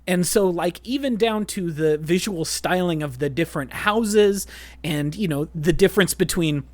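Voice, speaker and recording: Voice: mid-range voice, moderate pace, darkish tone, dry recording. A podcast co-host in a casual film chat, talking animatedly with many restarts and fillers.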